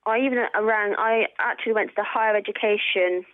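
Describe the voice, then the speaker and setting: A woman's voice: medium pitch, steady tone, fairly quick, no room sound. A woman calling in to a radio show, upset and hesitant, repeating her words as she tells her story. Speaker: caller. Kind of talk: phone-in call. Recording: tinny phone line.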